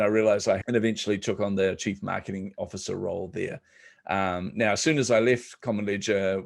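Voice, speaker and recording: Gravelly New man telling stories. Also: fairly low pitch. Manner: relaxed, joking, many ums. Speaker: podcast guest, entrepreneur. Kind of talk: casual storytelling interview.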